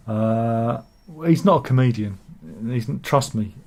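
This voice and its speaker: A man's voice: medium pitch, fairly even intonation, slow pace, darkish tone. A man hosting a laid-back satirical news show, reading out viewer comments in casual chat. He rambles and jokes, with self-mocking asides.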